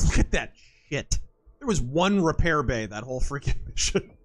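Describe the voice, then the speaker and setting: A man's voice: mid-range voice, lively intonation, moderate pace, soft background music. A man streaming a video game, giving sarcastic, profane commentary. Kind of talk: live gameplay commentary.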